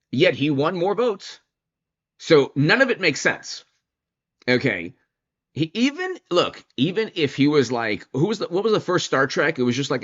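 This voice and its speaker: Male political commentator, lively and sarcastic, dull lo-fi audio. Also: mid-range voice. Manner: animated, sarcastic, mocks opponents in put-on voices. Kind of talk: opinion commentary monologue.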